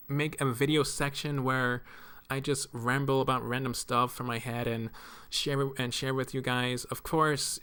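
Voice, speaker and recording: Soft-spoken man rambling with many fillers. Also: medium pitch, clear, resonant tone. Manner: speaks softly to keep quiet at home; halting, with many fillers and stumbles. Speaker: art video creator. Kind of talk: casual rambling monologue. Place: apartment room at home.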